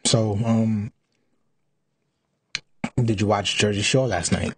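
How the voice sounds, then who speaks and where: A man with a husky, somewhat low voice chats as a guest. He keeps his answers short and laid-back, and the sound is dry. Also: takes it slowly, no echo. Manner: brief, laid-back replies. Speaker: show guest. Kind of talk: casual chat.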